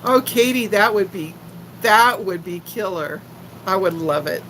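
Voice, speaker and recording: A woman's voice: medium pitch, lively intonation, a little slow, a bit bright, slight background noise, low-quality recording. An older woman from Texas with a faint Texan accent, chatting casually and giggling with viewers on a livestream. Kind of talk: casual live chat.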